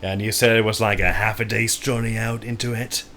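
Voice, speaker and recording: A man playing his character in a tabletop game, thinking out loud and often stopping to restart his sentences. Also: fairly low pitch, steady tone, a little fast, a little hiss or hum. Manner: speculative, hesitant, trailing off and restarting. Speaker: player.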